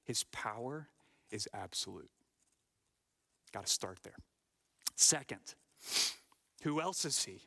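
A middle-aged man preaching from the pulpit with a bright, forceful tone and a measured, unhurried delivery. He leans hard into key phrases, then sinks into hushed whispers, and stumbles over repeated words as he builds. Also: on the low side, lively intonation, gravelly. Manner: emphatic preaching, drops to hushed whispers for effect. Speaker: pastor. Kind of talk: sermon.

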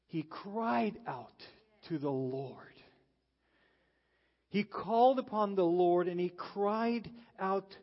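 A man preaching a sermon in an earnest way, pausing dramatically as he quotes scripture. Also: sits high. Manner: earnest, slow, dramatic pauses when quoting scripture. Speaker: pastor. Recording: dull sound with long reverb in a hall.

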